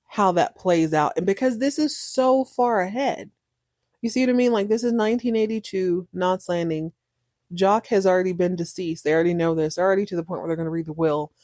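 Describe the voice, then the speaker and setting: A woman hosting a podcast, recapping a TV episode in a chatty, animated way and repeating words for emphasis. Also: fairly low pitch, dry recording, studio quality. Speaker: podcast host. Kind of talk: casual TV recap.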